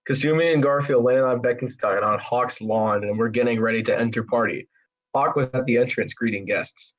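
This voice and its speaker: Deadpan man reading fan fiction aloud. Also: mid-range voice, brisk, muffled recording. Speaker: podcast host.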